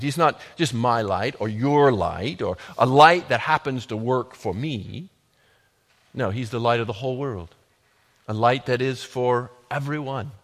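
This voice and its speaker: Emphatic male preacher in a reverberant hall. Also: medium pitch. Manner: emphatic preaching, swinging from quiet to loud. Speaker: pastor. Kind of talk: sermon.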